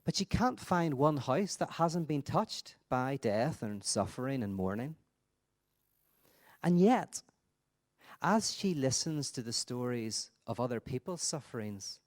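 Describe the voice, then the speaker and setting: A man gives a reflective conference talk, often stumbling and repeating words as he gathers his thoughts. His pitch is middling, and he slips into storytelling as he goes. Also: darkish tone. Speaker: conference speaker.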